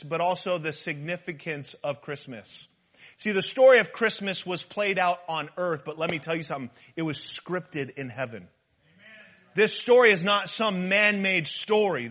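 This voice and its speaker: A man preaching a sermon in an animated, humorous style, with rhetorical repetition. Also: high voice. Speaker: pastor.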